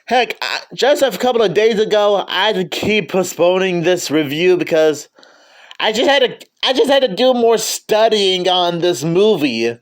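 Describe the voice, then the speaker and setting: A man's voice: high voice, animated, moderate pace. A man giving a casual movie review, stammering and often restarting his sentences.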